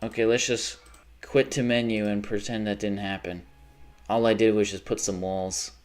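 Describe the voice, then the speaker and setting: A young man livestreaming while gaming, chatting in a rambling way, swearing often and getting heated quickly. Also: on the low side, steady tone, soft background music.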